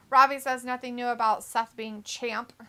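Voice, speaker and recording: A woman's voice: on the high side, fairly even intonation, a little slow, crowd noise. A woman co-hosting a wrestling watch-along live stream in casual chat, reading viewer comments aloud and reacting to them. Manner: chatty, reads chat messages then reacts.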